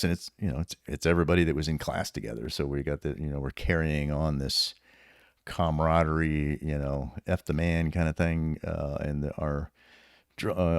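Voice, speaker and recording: Very deep-voiced man telling stories. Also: no room sound, studio quality. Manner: animated and profane, laughs often and acts out the quotes in his stories. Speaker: podcast guest, retired special operations sergeant major. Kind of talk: casual storytelling.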